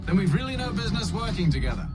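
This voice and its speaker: A condescending game commander, quick clipped orders, lively pitch, loud music under. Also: male voice. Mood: dismissive. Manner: brisk and dismissive. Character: cold, condescending aristocratic father figure.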